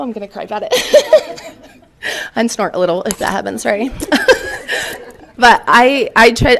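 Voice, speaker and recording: A woman in her forties, a teacher giving a chatty conference talk full of fillers and laughter. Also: medium pitch. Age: 40s. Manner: chatty and warm, laughs often, lots of fillers. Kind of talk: conference presentation.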